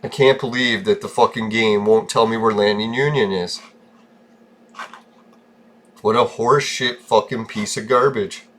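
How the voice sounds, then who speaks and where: A man's voice: lowish voice, fairly even intonation, unhurried, pauses often, a bit bright, a little hiss or hum. A man giving casual gameplay commentary, ranting and swearing often, in a short-tempered, irritable way. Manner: profane, ranting, easily irritated. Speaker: gaming vlogger.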